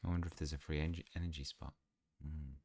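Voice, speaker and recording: Low-voiced gamer chatting casually. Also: male voice, fairly even intonation, quick pace. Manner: chatty and giggly, reacts out loud. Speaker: gaming channel host. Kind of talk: casual game commentary.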